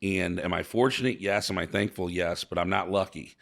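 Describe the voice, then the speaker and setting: Emotional and earnest, a St. Louis business owner talks as a guest in a relaxed interview, halting and repeating words. His low, gravelly voice holds a steady tone that's a bit bright.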